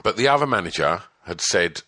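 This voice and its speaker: A man's voice: sits low, animated, a little fast, bright, forceful tone. A man casually telling a story about his band days, swearing freely and laughing as he goes. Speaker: storyteller guest, former band member. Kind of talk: casual anecdote.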